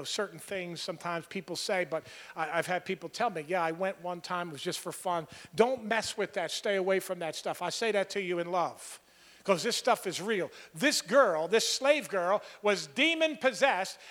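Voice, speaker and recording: A man's voice: high-pitched, a bit bright, in a large hall. A man preaching an expository sermon, earnest and conversational, building to emphatic points. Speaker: pastor.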